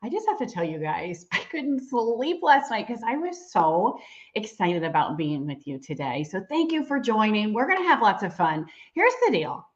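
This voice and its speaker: A woman's voice: mid-range voice, very animated, moderate pace. A middle-aged woman giving a livestream sales training, bubbly and chatty, laughing often. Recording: dull lo-fi livestream audio.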